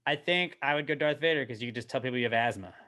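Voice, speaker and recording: A man's voice: medium pitch, racing, pushed and bright. A young man co-hosting a podcast, teasing his friends and swearing in casual banter. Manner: teasing, profane, acts out voices in quotes. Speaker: podcast co-host.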